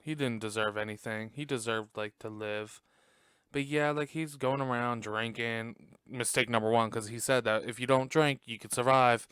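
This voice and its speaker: A man's voice: mid-range voice, steady tone, moderate pace, a bit bright, clean tone, dry recording. A man hosting a podcast, recapping a movie in casual chat, swearing and laughing often, in a room at home on a close desk mic. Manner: chatty, profane, laughs often. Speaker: podcast host.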